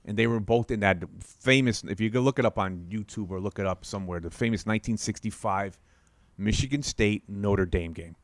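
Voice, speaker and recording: A man's voice: on the low side, a little fast. A man in his seventies co-hosting a podcast, reminiscing about sports with chuckles and enthusiasm. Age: 70s. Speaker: podcast co-host. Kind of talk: casual podcast chat.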